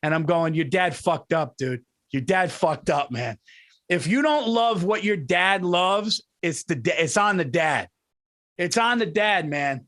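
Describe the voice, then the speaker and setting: High-voiced, rambling guy saying "dude". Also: lively intonation, a little slow, fairly bright tone. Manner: rambling storytelling with repeated "he goes" and "dude". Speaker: podcast co-host. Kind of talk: casual chat.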